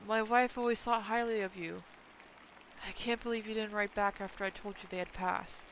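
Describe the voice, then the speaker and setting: A woman's voice: mid-range voice, steady tone, moderate pace, fairly bright tone, a little hiss or hum, close to an everyday voice, rough recording. A stuffy-nosed woman reading a bitter grieving villager. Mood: reproachful. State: stuffy nose.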